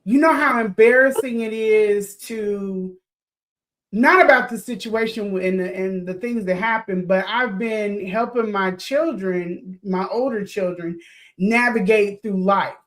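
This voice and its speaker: A woman's voice: mid-range voice, measured pace. A woman, a mother of older children, speaking earnestly in a reflective monologue about lessons from her life. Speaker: mother giving life advice in a played clip.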